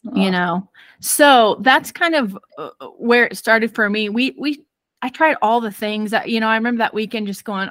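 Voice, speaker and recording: A woman guest in an interview, telling a personal parenting story in an earnest, expressive way and laughing easily. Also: fairly high pitch, moderate pace, no room sound.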